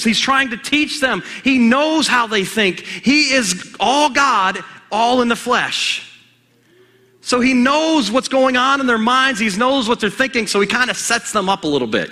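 A man preaching a sermon in an animated, conversational way, firing rhetorical questions at the congregation. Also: very high-pitched, normal speed, long reverb tail.

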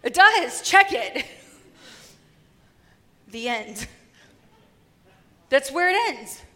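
A woman preacher delivering a sermon with lively, humorous storytelling. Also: sits high, extremely slow, long reverb tail.

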